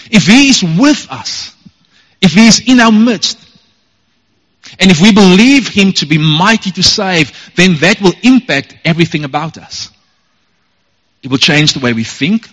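A man's voice: sits high, a bit bright, big-room sound. A man preaching a sermon as a pastor, earnest and emphatic, repeating his phrases for weight.

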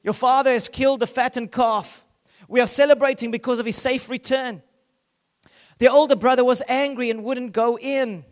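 A male pastor with a strikingly high voice delivers an impassioned sermon. He swings between loud, urgent declarations and soft, hushed lines. He briefly slips into the characters of the scripture he reads. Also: long reverb tail. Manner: acts out scripture characters in quick asides.

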